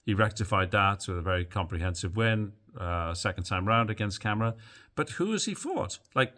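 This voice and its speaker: A man hosting a boxing news vlog, talking casually and with strong opinions as he wanders through asides and fillers. His voice sits low, with a forceful, bright edge. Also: lively intonation, normal speed. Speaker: boxing news channel host. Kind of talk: casual commentary to camera.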